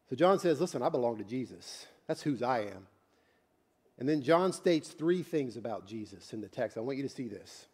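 Man preaching a dynamic sermon. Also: on the high side. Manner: preacher who swings from quiet intimate asides to loud shouted climaxes; conversational, repeats and restarts words. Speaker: pastor.

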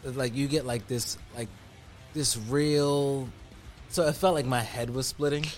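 A man's voice: medium pitch, measured pace, a little hiss or hum. A young man in a casual group chat, telling rambling stories and swearing freely.

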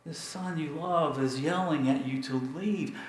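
A man pastor telling a story in a sermon, dramatic and repetitive, with emphatic pauses. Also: on the high side, reverberant, slight background noise, poor audio.

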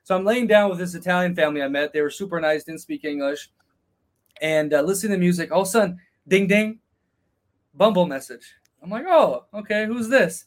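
A man with a high, light voice tells a rowdy travel story in a loose, casual way. He swears freely and puts on quick voices for the people he quotes. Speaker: podcast guest.

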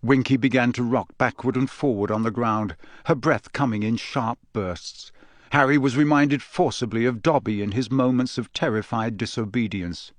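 A man's voice: mid-range voice, normal speed, dry recording. A man on a podcast reading a novel aloud as narrator. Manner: expressive reader. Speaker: podcast co-host.

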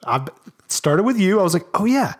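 A man with a high-pitched voice, talking a little fast, co-hosts a casual podcast chat. He's an animated, enthusiastic storyteller who jokes around.

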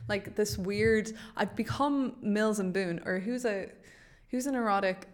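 A woman's voice: mid-range voice, a little slow. A woman with an Irish accent co-hosting a podcast, giggly and bawdy in casual chat. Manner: giggly, bawdy, self-mocking. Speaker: podcast co-host.

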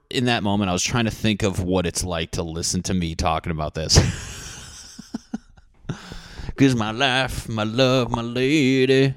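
A man in his thirties talks alone into his podcast mic from his apartment. He rambles from one thought to the next, swears freely and makes fun of himself. His voice sits low and sounds dry and close, with no room echo. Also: fairly bright tone. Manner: rambling, profane, self-mocking. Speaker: podcast host. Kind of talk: rambling solo podcast monologue.

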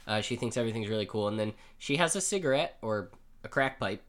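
A man's voice: fairly low pitch, animated, fast, fairly bright tone. A man co-hosting a casual podcast, rambling and joking as he recaps a story, swearing freely. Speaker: podcast co-host. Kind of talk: casual comic chat.

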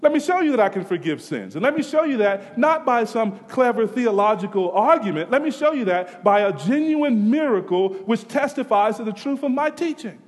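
A man preaching a sermon, swinging from hushed passages to emphatic, near-shouted climaxes. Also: very high voice, very animated, moderate pace, few pauses. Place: church sanctuary. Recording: long reverb of a large hall.

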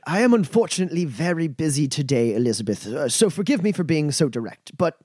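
A man's voice: on the high side, sing-song, a little mellow, slightly rough, no room sound, clean studio sound. A man voicing a stern, silver-haired older mayor who talks brusquely and snaps orders at his staff. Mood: brisk. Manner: brisk, commanding, snaps orders.

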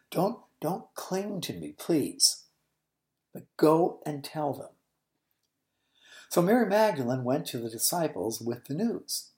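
Low-voiced woman teaching scripture. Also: slow pace, pauses often. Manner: expressive, storytelling, explains original-language words. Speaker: Bible teacher. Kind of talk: expository Bible teaching.

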